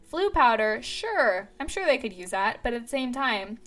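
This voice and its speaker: A woman's voice: a little high, big pitch swings, moderate pace, fairly bright tone. A young woman with a Southern California accent, co-hosting a podcast in casual, chatty talk full of fillers and giggles. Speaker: podcast co-host. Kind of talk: casual chat.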